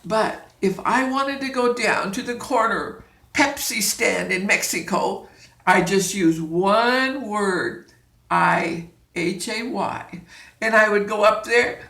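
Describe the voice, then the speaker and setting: Patient woman teacher, slow and deliberate delivery, lots of room echo. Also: medium pitch, fairly bright tone. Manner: deliberate, drawn-out, demonstrating sounds. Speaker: Spanish teacher. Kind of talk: slow, patient classroom instruction. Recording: echoey room.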